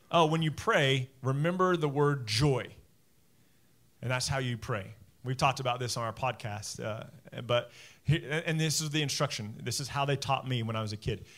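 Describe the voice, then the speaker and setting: A man in his forties, a pastor giving a sermon in a conversational, animated way, with many asides to the congregation. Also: medium pitch. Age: 40s.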